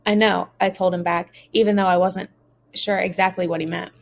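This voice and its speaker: A woman's voice: fairly low pitch, level tone, fairly quick. A woman narrating a first-person audiobook as a teenage boy, earnest and emotional.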